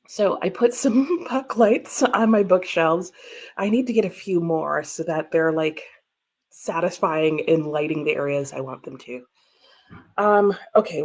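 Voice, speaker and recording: A woman livestreams casually from a home room lined with bookshelves, chatting, laughing often, and reading viewer comments aloud. Her voice is fairly low in pitch and a little mellow.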